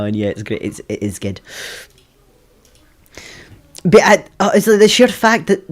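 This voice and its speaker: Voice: medium pitch, a little mellow. A streamer chatting casually with viewers from a computer desk at home, laughing often between remarks. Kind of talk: casual live-stream chat.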